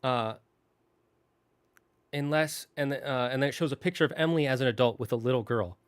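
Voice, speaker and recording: A man's voice: medium pitch, a little fast, clean tone, no echo. Man rambling through a plot recap. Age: adult, married. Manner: rambling, acts out characters' lines. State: tearing up at times. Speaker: show host.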